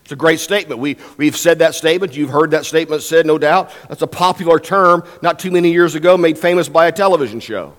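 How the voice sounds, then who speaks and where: An older man with a fairly high voice preaches quickly and with few pauses as a guest pastor. His sermon is emphatic, with shifts in pace for effect, and the church sanctuary gives it a long, hall-like reverb.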